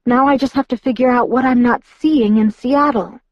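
A bubbly young vampire girl, all brightness and insistence, bossing her friend around with quick cheer, as a woman narrator puts her on. The voice sits well above the reader's own and pushes a touch louder. Dry, close recording. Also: on the high side, dry recording, muffled recording, voice pushed up, close to an everyday voice. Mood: chatty. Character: perky, pushy young female vampire friend. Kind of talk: audiobook character voice.

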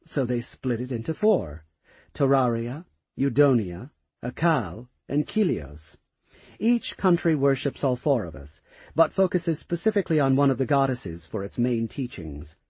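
A drowsy goddess in a storybook, tired and unhurried, with a dark, husky tone, as a male narrator puts her on. She talks slowly and sleepily, in a dry, close recording. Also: mid-range voice, sing-song, no room sound, heavily acted. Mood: sleepy.

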